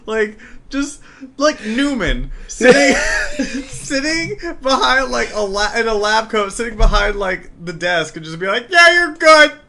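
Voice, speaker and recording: Bright, lively man on a podcast. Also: high voice, slight background noise. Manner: animated, quick to joke and quote characters. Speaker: podcast co-host. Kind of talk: casual TV review chat.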